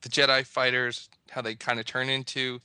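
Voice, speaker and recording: A man's voice: medium pitch, flat delivery, normal speed, sharp tone, clear, resonant tone, no echo. A man co-hosting a casual podcast, talking in a rambling, hesitant way. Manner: rambling, hesitant, many restarts and fillers.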